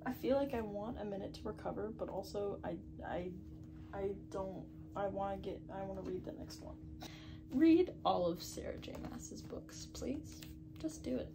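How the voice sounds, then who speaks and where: A woman's voice: medium pitch, animated, moderate pace, vocal fry, music in the background, poor audio. A young woman chatting in a casual reading vlog, breathless and anxious, sometimes dropping to a whisper. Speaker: book vlogger. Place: bedroom at night.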